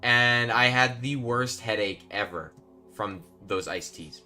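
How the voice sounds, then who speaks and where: A man's voice: medium pitch, takes it slowly, sharp tone, soft background music. A man live-streaming a game, chatting casually and rambling to his viewers while he plays. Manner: chatty, rambling, talks to chat while playing.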